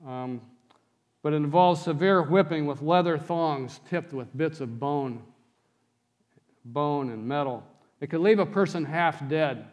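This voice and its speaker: A man preaching a sermon, explaining scripture and reading passages aloud to his congregation. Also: on the high side. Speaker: pastor.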